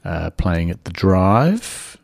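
An Australian man hosting morning radio, rambling through song back-announcements in a relaxed, chatty way. His voice sits a little low and sounds close and dry in the studio, with no room echo. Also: slow pace, gravelly. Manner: chatty, loose, back-announcing songs with asides. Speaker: radio host. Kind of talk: casual breakfast radio chat.

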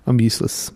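A man's voice: darkish tone, dry recording. A man in his fifties hosting community radio, chatting casually between songs and rambling through stories with self-mocking humor. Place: radio studio.

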